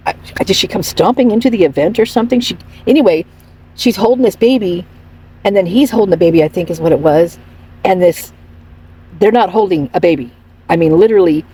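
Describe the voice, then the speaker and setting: A woman hosting a casual commentary vlog, gossipy and rambling, with a husky voice. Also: fairly low pitch, dark tone. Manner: rambling, gossipy, frequent restarts and laughs. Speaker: channel host commenting on celebrity photos.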